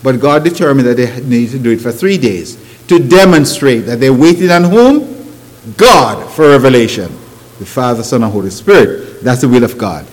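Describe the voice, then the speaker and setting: A man preaching a sermon, with grammar, rhetorical questions and emphatic rising phrases. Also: a little high. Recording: long hall reverb.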